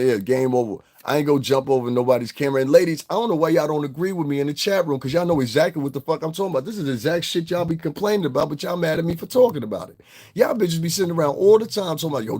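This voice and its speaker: This man's voice sits on the higher side with a darkish tone. He hosts an online show, ranting bluntly and profanely straight at his chat during a casual livestream and slipping into mocking voices of other people.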